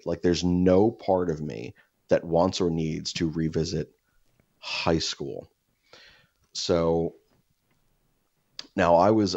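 A man's voice: very deep voice, creaky, darkish tone, no room sound. A young man telling a rambling, profane story in casual podcast chat, full of fillers and restarts. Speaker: podcast host. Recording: dull lo-fi dry sound.

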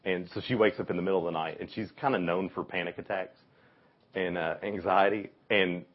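A man teaching a youth Bible lesson, telling the story in an animated way and acting out the voices of its people. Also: deep voice, slightly rough. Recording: dull lo-fi recording.

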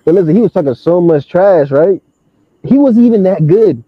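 A young man in casual chat, telling an animated story full of slang and laughter. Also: high voice, moderate pace, no room sound. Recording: dull lo-fi sound.

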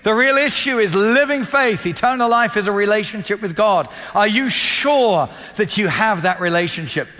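A man's voice: high voice, moderate pace, hardly any pauses, pushed and bright, big-room sound. A man preaching a sermon, telling a story with animation and acting out the dialogue.

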